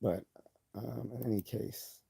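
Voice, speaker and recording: Male streamer, low and dark-toned, casual rambling commentary over an article. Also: steady tone, unhurried, creaky, husky. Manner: chatty, self-interrupting, opinionated asides. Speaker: live stream host.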